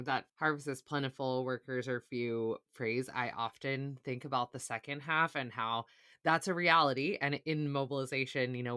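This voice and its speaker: Podcast host guy, bright tense voice, dry mic, lots of yeah yeah. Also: medium pitch, clear, resonant tone, no room sound. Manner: affirming listener, quick laughs and yeahs. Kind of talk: casual chat.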